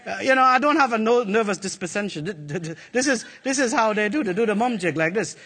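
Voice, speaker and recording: A middle-aged man preaches in a church with a high, bright voice. He is animated and playful and keeps calling out to the congregation. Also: quick pace, slightly rough. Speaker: pastor. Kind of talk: sermon.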